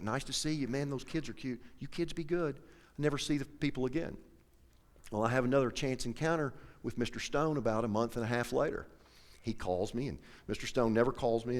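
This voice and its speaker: Folksy man telling a story in an echoey hall. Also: medium pitch. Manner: folksy, animated storyteller, acts out both sides of dialogue. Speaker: professional angler speaking to an audience. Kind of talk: storytelling talk to a live audience. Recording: echoey hall with long reverb.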